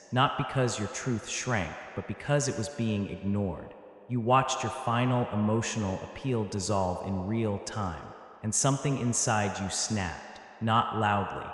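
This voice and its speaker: A man giving a dramatic motivational voice-over, slow and emphatic, in short clipped phrases with pauses. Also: on the low side. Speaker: narrator. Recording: heavy echo with long hall reverb.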